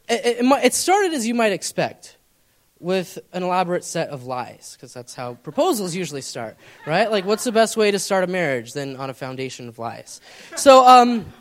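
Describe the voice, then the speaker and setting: Lively high-voiced young preacher. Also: male voice. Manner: casual, rambling, heavy fillers. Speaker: pastor. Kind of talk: storytelling sermon.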